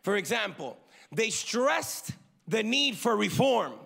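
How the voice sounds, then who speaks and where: Male pastor, sermon, high voice, gravelly, call-and-response with the congregation. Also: slow pace. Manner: lively, shifting between loud emphasis and quiet asides.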